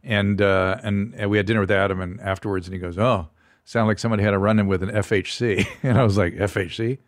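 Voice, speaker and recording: A man's voice: fairly low pitch, fairly even intonation, quick pace, no echo. An older man hosting a podcast in casual chat, with dry, wry reactions. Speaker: podcast host.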